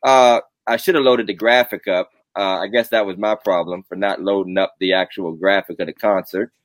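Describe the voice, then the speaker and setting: A man's voice: low voice, steady tone, dry recording. Joking man hosting a dry live stream. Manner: joking, drawn-out announcements. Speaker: host. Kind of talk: casual live-stream chat.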